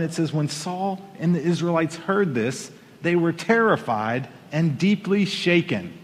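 A man preaching in church, his voice a touch higher than most men's. He tells the story with animated, emphatic rises. A long reverb from the sanctuary trails after each phrase. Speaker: pastor. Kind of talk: sermon.

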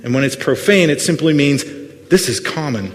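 A man's voice: fairly high pitch, animated, moderate pace. A man preaching a sermon as pastor, earnest but full of playful jokes and asides to the congregation. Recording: long hall reverb.

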